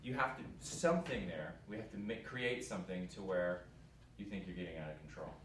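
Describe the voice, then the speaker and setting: Animated man coaching in an echoey hall. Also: low voice, fairly quick. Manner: animated, laughing, acts out lines while giving feedback. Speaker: master class coach. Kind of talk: coaching a singer in a master class. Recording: echoey hall, distant mic, background noise.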